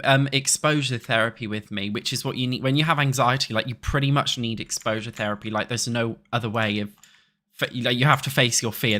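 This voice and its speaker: With a sharp, medium-pitched voice, a young British man streams a building game, making casual conversation with viewers and swearing freely.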